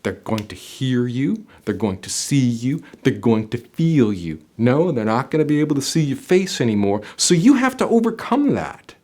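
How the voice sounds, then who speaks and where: A man's voice: medium pitch, big pitch swings, normal speed, hardly any pauses, darkish tone. A middle-aged man coaching job seekers straight to camera, emphatic and motivational, speaking directly to the viewer.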